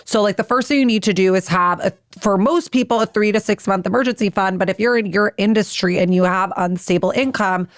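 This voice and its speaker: A woman guesting on a podcast, explaining money in a chatty, casual way with quick asides. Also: mid-range voice, no echo, studio quality. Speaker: podcast guest, finance expert.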